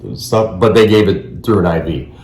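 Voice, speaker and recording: Low-voiced man co-host, relaxed storyteller who chuckles mid-sentence, roomy echo around him. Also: normal speed. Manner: laid-back, laughs while telling stories. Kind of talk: casual chat.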